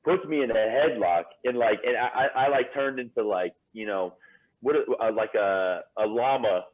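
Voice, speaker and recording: A man spins animated bar stories with a husky edge, piling up fillers and laughing through them. His voice comes through a thin, phone-like line, as though he were calling in. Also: fairly low pitch, normal speed. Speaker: podcast guest. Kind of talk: casual storytelling.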